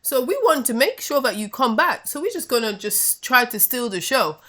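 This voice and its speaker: A British woman who hosts her own wrestling review channel delivers a heated, scolding rant in a casual talking style. Her voice is on the high side, animated and sharp in tone, at a moderate pace.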